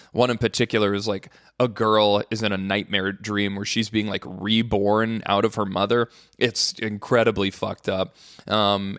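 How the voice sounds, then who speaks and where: A man's voice: clear, resonant tone, no room sound. American guy chatting on his podcast, swears a lot, dry close mic. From United States. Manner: animated, swearing, jumps to high exclaims. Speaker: podcast host. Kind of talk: casual solo podcast chat.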